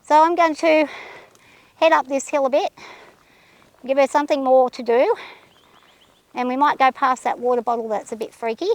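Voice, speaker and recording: Anxious high-voiced woman riding a horse. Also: normal speed, pauses often, dry recording. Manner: anxious, thinking aloud, soothing her horse. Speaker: horse rider vlogger. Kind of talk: casual narration while riding. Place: outdoors on horseback. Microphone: camera held by a companion.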